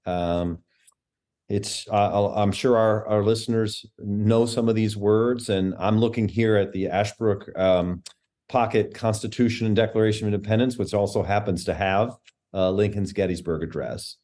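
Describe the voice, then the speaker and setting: A man's voice: fairly low pitch, fairly even intonation, moderate pace, warm tone. A man hosting a podcast interview, prompting his guest with a hesitant manner and many "um"s. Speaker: podcast host.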